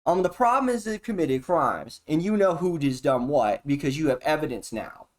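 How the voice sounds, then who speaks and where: Rambling streamer with a lively voice. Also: mid-range voice, moderate pace. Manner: erratic, profane and jumpy, with sudden laughs and exclamations. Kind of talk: rambling solo stream monologue.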